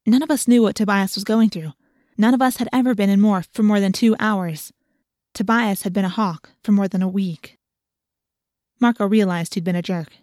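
A woman's voice: mid-range voice, brisk, darkish tone, no echo. Woman reading a story, dry close sound. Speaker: audiobook narrator. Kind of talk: scripted first-person narration.

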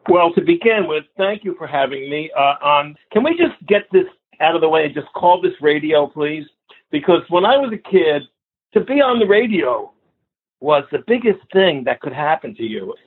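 A man in his later years, a guest musician telling animated stories with frequent laughs in a casual interview. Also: a little high, normal speed, slightly rough. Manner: animated storyteller, laughs often. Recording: tinny phone line.

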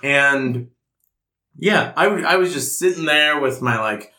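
A man's voice: on the high side, unhurried, sharp tone. A young man chatting casually, rambling and self-mocking with lots of fillers as he tells a story. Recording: roomy echoey room.

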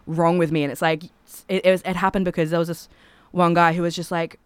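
A woman's voice: lowish voice, flat delivery, quick pace, smooth, no room sound. A woman, a singer who is a podcast guest, chatting casually and rambling, with many filler "like"s. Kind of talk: casual chat.

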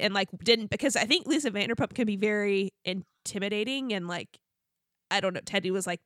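A woman's voice: mid-range voice, expressive, a little fast, fairly bright tone, dry recording, clean studio sound. A young woman co-hosting a podcast in casual chat, retelling TV scenes with lots of laughter. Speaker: podcast co-host.

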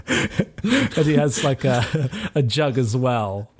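A man, running a tabletop game as game master in a relaxed, chatty way. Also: medium pitch, drawn-out words, breathy edge.

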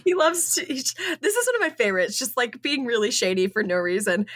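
A woman's voice: a little high, big pitch swings, fairly quick, fairly bright tone. A woman hosting a podcast in casual chat, an enthusiastic and giggly storyteller. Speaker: podcast host.

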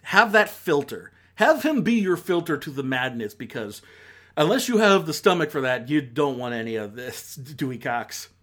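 A man talking casually through a countdown of bad films, rambling and sardonic, with exasperated high-pitched outbursts. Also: sing-song, normal speed, fairly bright tone. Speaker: film reviewer.

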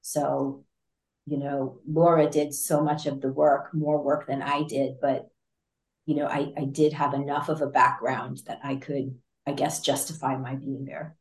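A woman guest in an interview, telling a story in a lively way with frequent laughs, fillers and restarts. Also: a bass voice, a little slow. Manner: animated, laughs often, many fillers and restarts. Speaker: interview guest, patient advocate. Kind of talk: conversational storytelling. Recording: roomy echo.

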